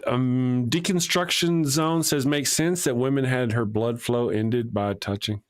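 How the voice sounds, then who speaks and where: A man hosting a relaxed livestream talk show at a middle pitch, easygoing and chatty. He laughs often as he reads viewer messages aloud and riffs with his co-host. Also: measured pace, smooth. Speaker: podcast host. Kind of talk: casual livestream chat.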